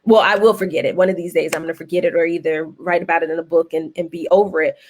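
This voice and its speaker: A woman guest host in casual panel talk, an animated storyteller with a folksy lilt. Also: fairly low pitch, quick pace, slight background noise. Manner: animated storyteller, laughs often, folksy phrasing.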